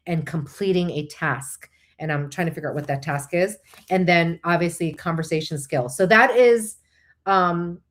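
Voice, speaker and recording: A woman who is a licensed counselor, hosting a live talk in a chatty, animated way and explaining with asides. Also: on the low side.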